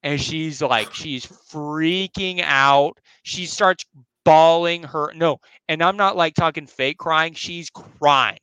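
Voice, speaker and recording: A man's voice: a little high, slow, bright, forceful tone, smooth, no echo, low-quality recording. A young man casually telling a spooky personal story, rambling and slangy, cursing and acting out other people's lines. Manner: rambling, slangy, profane, acts out voices. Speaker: podcast host.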